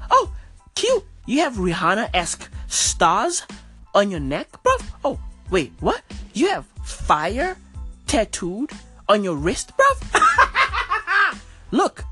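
A woman hosts a comedy podcast with a husky, breathy voice. Her pitch leaps around wildly while her delivery stays slow and drawn out. She rants in disbelief, swearing freely and tacking "bro" onto nearly every line. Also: fairly bright tone. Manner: incredulous, profane, repeats "bro" constantly. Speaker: podcast host. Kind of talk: comic monologue rant.

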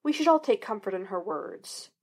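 A woman's voice: medium pitch, expressive, normal speed, darkish tone, lightly acted. A woman reading the lines of a playful male psychic detective who jokes flippantly. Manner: joking, flippant.

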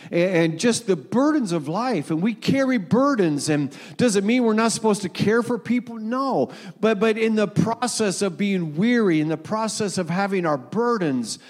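A man in his sixties, a pastor, preaching a sermon in a church, telling stories earnestly and slowing down to quote scripture. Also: high-pitched. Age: 60s.

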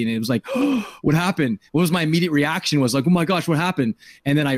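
A man's voice: medium pitch, no room sound. A middle-aged man hosting a podcast as a life coach, telling a personal story in an earnest way and often repeating words as he starts a thought.

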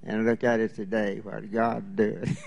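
Older male pastor with a slow, halting delivery and brief remarks. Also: on the low side, level tone, gravelly. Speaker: founding pastor.

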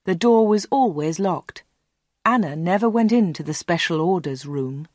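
A woman narrating a storybook slowly and clearly for learners. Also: lowish voice, lively intonation, a little mellow, dry recording, studio quality. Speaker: audiobook reader.

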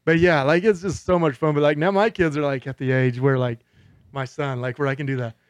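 A man's voice: a little high, steady tone, brisk, clean tone, no echo. A man in his forties, co-hosting a podcast in a studio, trading profane, joking banter. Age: 40s. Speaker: podcast co-host. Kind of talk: casual chat.

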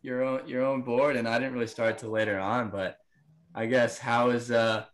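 Laid-back man with a monotone surfer voice. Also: mid-range voice, moderate pace. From New Jersey. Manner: laid-back, lots of fillers and agreement. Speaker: podcast host. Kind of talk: casual conversation.

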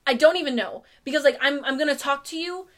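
A woman's voice: sits high, fast. A young adult woman co-hosting a casual chat, talking bluntly with lots of swearing and acted-out quotes. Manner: blunt, profane, acts out quotes. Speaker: podcast co-host.

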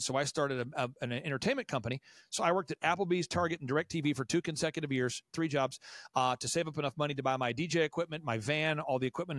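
This podcast guest, an American in his forties, rattles off upbeat business advice quickly and with energy, performing the voices of people he quotes. The mic captures his somewhat high male voice completely dry, without any background ambience.

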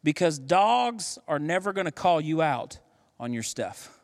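A man in his thirties preaching a sermon as pastor, telling stories with animated acted voices. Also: on the high side, a little slow. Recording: long hall reverb.

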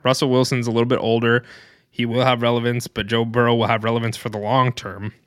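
A man's voice: mid-range voice, flat delivery, fast, fairly bright tone, no echo, clean studio sound. A young man co-hosting a podcast, telling rambling stories in casual chat and laughing often. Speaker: podcast co-host.

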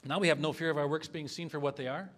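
A man's voice: a little high, fairly even intonation, fast talker, a bit bright. A man preaching an expository sermon as a pastor, earnest and conversational, asking the congregation for responses.

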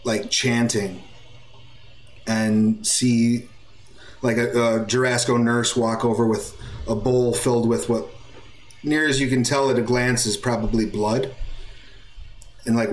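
A man running a tabletop game as game master, narrating scenes in a relaxed, chatty way with lots of fillers. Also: mid-range voice, roomy sound, rough recording.

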